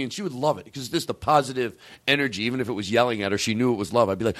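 A man's voice: mid-range voice, rapid-fire, a bit bright, dry recording. A man hosting a show in casual chat, rambling, cutting himself off and swearing freely. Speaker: podcast host.

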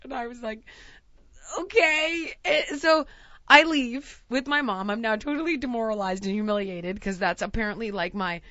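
A woman in her forties with a somewhat high voice tells a funny story about herself, mocking herself and acting out each person she quotes. The sound is dry and a little dull, as if from a lo-fi recording. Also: a little fast, no room sound. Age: 40s. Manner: animated, self-mocking, acts out quoted people. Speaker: guest telling a story. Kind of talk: comedic storytelling.

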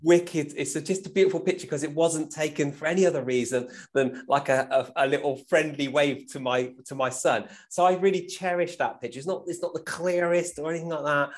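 This guest musician talks briskly with hardly any pauses, his pitch fairly high and his intonation fairly even. He tells casual, animated stories, often adding "right?" and laughing along the way.

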